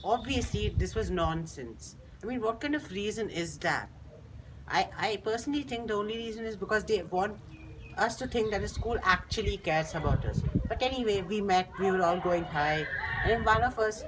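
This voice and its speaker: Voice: medium pitch, lively intonation, normal speed, a bit bright, slight background noise, poor audio. A teenage student, telling a story in a chatty, rambling way with frequent restarts. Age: teens. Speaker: school student. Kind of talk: casual storytelling monologue.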